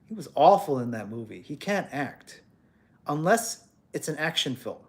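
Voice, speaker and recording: A man's voice: fairly high pitch, very animated, moderate pace. A man talking to his livestream audience in a casual, opinionated, lecturing monologue, full of rhetorical questions. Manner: acts out quoted voices.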